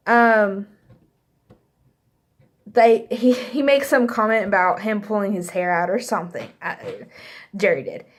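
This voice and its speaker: A woman vlogger telling a casual storytime, rambling and correcting herself as she goes and acting out what others said. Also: fairly high pitch. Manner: rambling, self-correcting, acts out quotes.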